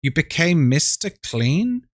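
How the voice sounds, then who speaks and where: A man's voice: on the high side, very animated, takes it slowly, dry recording, studio quality. A man hosting a live stream, greeting his viewers by name in a chatty, playful, affectionate way.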